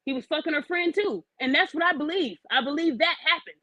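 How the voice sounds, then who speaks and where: Blunt, high-voiced woman podcast host. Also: animated, brisk, sharp tone, dry recording, rough recording. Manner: blunt, profane, confrontational; challenges the listener with pointed questions. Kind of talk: opinionated podcast rant.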